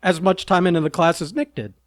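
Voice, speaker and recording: A man's voice: sits high, steady tone, quick pace. A man co-hosting a podcast in casual chat, trading crude, wisecracking banter. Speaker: podcast co-host.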